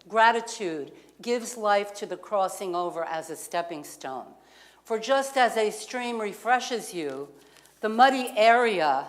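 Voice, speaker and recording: A woman minister gives a sermon, telling a personal story in a conversational way and asking the congregation questions. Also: mid-range voice. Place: community center lounge.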